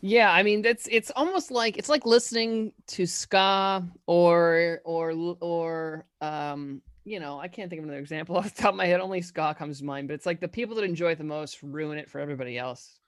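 Male podcast co-host, slightly high voice, dry studio sound; relaxed, hedging talker. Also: smooth, no echo. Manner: easygoing, hedging, quick to laugh. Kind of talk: casual podcast chat.

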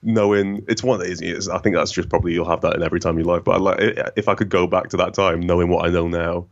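A man with a rich, smooth voice and a faint northern English accent, chatting casually as a guest with lots of restarts and self-deprecating asides. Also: low voice, steady tone, fast talker, highs cut off. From northern England. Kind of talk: casual conversation.

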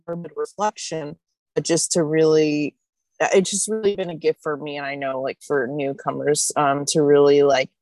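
A woman sharing at a recovery meeting over a video call, earnest and halting, with many fillers. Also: sits low, a little mellow, no echo.

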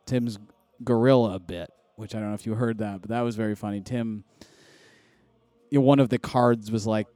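A low-pitched man with a dark, mellow voice, talking casually on a podcast. He rambles loosely, full of fillers and restarts, recorded dry and close. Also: steady tone, normal speed, no room sound. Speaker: podcast host.

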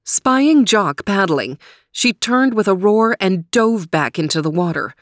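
A woman narrating a children's adventure story in a measured, expressive way. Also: mid-range voice, no echo, clean studio sound.

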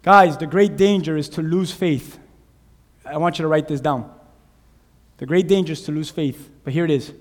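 A man preaching a sermon, animated, acting out shouted voices from Bible stories. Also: on the high side, normal speed. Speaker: pastor. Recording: long hall reverb.

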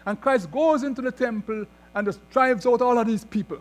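A man's voice: very high voice, fast, hardly any pauses, fairly bright tone. A man preaching a sermon, reading scripture aloud and then expounding on it with rising emphasis. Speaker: pastor.

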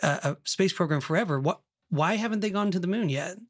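A man in his thirties from Oklahoma hosting a casual podcast. His voice sits fairly high for a man. He tells rambling stories full of restarts and easy laughter. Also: a little fast. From Oklahoma, USA. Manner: rambling storyteller, many fillers and restarts, laughs easily. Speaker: podcast host.

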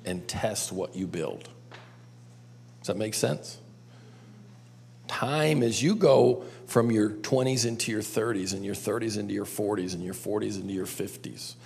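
A man's voice: lowish voice, creaky, darkish tone, slight background noise. A man telling a story to a group and drawing lessons from it, coaxing them with questions. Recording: long hall reverb.

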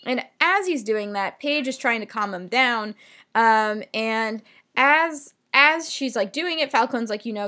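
A woman co-hosting a casual TV recap podcast, talking in an animated way with frequent swearing and filler words. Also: a little high, unhurried. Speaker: podcast co-host.

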